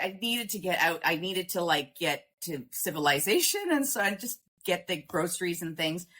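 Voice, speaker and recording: A woman's voice: fairly low pitch, sharp tone. A woman from Canada, a podcast guest, telling a story in a rambling casual way with many fillers.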